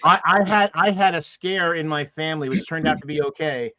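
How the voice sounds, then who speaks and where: A man's voice: a little high, fairly quick, bright, forceful tone, no echo, muffled recording. Podcast co-host, male, NY-NJ accent, chatty storyteller, dry close sound. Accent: New York-New Jersey. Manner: storytelling, laughing, restarts. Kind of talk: casual chat.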